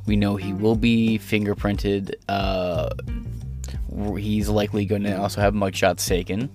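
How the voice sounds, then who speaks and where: A man's voice: lowish voice, flat delivery, a little slow, music in the background. A man hosting an online political commentary show, reading news articles aloud and breaking off into rambling, profane, sarcastic asides.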